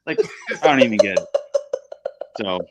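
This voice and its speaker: A man's voice: mid-range voice, moderate pace, heavy background noise. A man, a guest wrestler, telling a road story in casual chat, blunt and profane, acting out the other people in quotes. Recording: slightly dull lo-fi sound.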